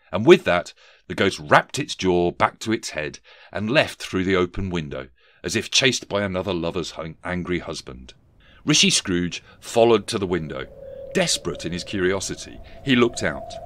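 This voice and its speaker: Wry male storyteller, lively pitch. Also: background noise. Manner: wry, mock-solemn. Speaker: narrator. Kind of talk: comic storytelling narration.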